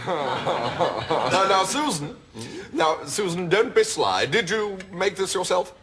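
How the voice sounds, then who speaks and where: A man putting on the voices of shrill, gossiping middle-aged housewives in a falsetto, trading camp banter. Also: big pitch swings, slow pace, fairly bright tone, heavily acted.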